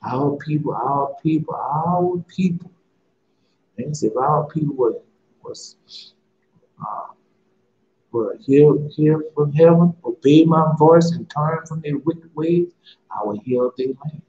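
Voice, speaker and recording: A man's voice: fairly high pitch, slow pace, warm tone. A man preaching an impassioned sermon in a casual, pleading way, repeating himself often. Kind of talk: impassioned street-style sermon. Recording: echoey, muffled, slightly noisy recording.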